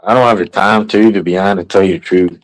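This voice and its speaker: Low-voiced guy on his stream just rambling, kinda laid-back. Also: fast talker, low-quality recording. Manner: rambling, repeats himself, relaxed. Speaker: livestream host. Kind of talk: casual stream chat.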